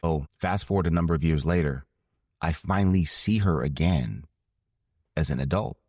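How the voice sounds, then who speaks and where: With a rumbling low, darkish voice at normal speed, this man in his forties answers an interview question with a heartfelt story. He is a podcast guest who once played ball and worked as a broadcaster, and he speaks earnestly, repeating phrases for emphasis. The studio-quality recording has no room sound.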